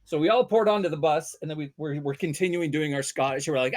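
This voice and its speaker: A man from Vancouver, a voice actor telling casual, animated anecdotes and bursting into loud character voices. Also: on the high side, fast talker. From Vancouver, Canada. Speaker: voice actor guest.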